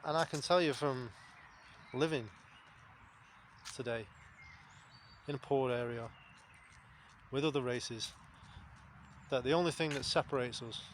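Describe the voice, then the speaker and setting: A man's voice: mid-range voice, a little slow, long pauses, a little hiss or hum. A man, talking to camera in a blunt, rambling, sweary monologue. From England. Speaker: vlogger. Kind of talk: casual spoken monologue.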